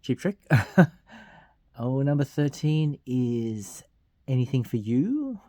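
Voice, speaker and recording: A man's voice: mid-range voice, sing-song, measured pace, warm tone, no room sound, studio quality. A man casually counting down a chart of songs, half-singing the titles and laughing at his own slips. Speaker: vlogger counting down a song chart. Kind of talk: casual countdown with hummed song snippets.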